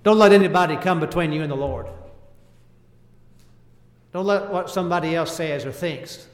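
A man's voice: on the high side, normal speed. A man preaching a sermon in short, emphatic phrases, quoting scripture in old-fashioned wording. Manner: earnest, quotes scripture in King James wording; speaks in short emphatic phrases, voice rising and falling in volume. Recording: echoey hall with long reverb.

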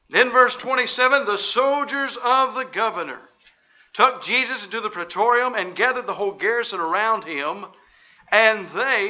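A man's voice: sits high, pushed and bright. A man preaching a sermon, reading scripture aloud emphatically and breaking in with rhetorical questions. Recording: dull lo-fi recording.

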